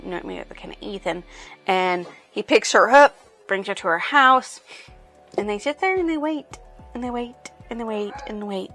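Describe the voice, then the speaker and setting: A woman's voice: medium pitch, a bit bright. A woman reviewing a book, rambling through the plot in a casual retelling full of "she's like" quotes.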